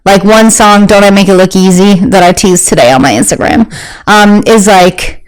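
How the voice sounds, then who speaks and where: Lady guest on an interview, chatty and animated, keeps doing high voices for quotes. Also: normal speed, clear, resonant tone, low-quality recording. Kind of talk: candid interview chat.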